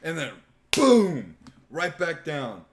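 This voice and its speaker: Young dude hosting a live podcast, cursing constantly, hyped about a movie. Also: male voice, a little high, slow pace, noisy background. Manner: swears often, animated movie retelling. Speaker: podcast host. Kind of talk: casual chat on a live stream.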